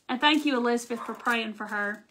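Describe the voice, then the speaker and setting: A middle-aged woman with a thick Southern drawl talks in a fairly high voice during a live crafting stream. She chats easily, greets viewers and thanks them for their comments as she keeps working. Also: a bit bright, slight background noise. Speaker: craft livestream host. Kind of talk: casual live crafting chat.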